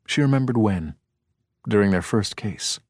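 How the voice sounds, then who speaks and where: A man giving scripted audiobook narration in a steady, even storytelling manner. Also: on the low side, normal speed, dry recording, clean studio sound.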